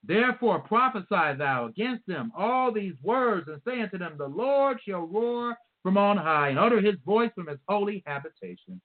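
A man preaching a sermon, reading scripture slowly and stressing his points with emphasis. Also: high voice, animated. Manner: emphatic, reads scripture slowly and repeats verse numbers. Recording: tinny phone-like audio.

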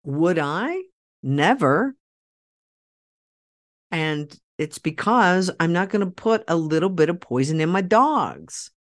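Her voice sits on the low side with lively intonation as she takes it slowly, leaving long pauses. As a podcast host, she rallies listeners through direct, persuasive address, emphatic and repeating key phrases.

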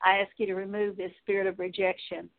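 A woman Bible teacher leading a slow, halting spoken prayer with many pauses and fillers. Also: medium pitch, level tone. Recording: tinny phone-like audio.

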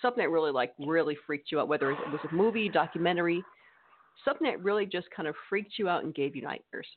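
A woman's voice: low voice, fast. A woman co-hosting a podcast in casual chat, teasing and laughing often. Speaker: podcast co-host. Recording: tinny phone-like audio.

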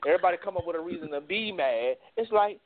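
Man co-host, emphatic and repetitive, slightly high voice, tinny recording. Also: expressive, fast, over a noisy crowd. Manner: emphatic, repeats himself to get the floor. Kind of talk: casual chat. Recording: tinny phone-like sound.

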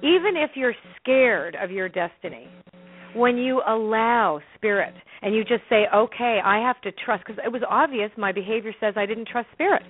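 A woman's voice: a little high, expressive, moderate pace, slightly rough. Chatty Canadian woman on a phone line. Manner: chatty, laughing, acts out her own quotes. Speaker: interview guest. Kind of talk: animated storytelling in conversation.

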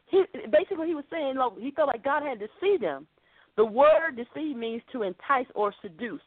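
A woman's voice: on the high side, animated, a little fast, no room sound. A woman preacher delivering an earnest, conversational podcast sermon. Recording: dry, phone-like narrow sound.

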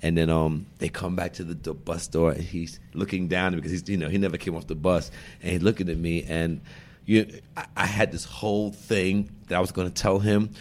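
A man telling stories as a podcast guest in a bar, animated, laughing often and swearing freely. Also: low voice, a little fast. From Brooklyn, New York. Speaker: guest actor. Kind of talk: casual podcast storytelling.

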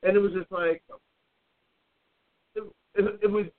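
A man co-hosting a podcast, telling a story in casual chat with blunt, profane, animated delivery. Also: high voice, unhurried. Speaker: podcast co-host. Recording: tinny phone-like audio.

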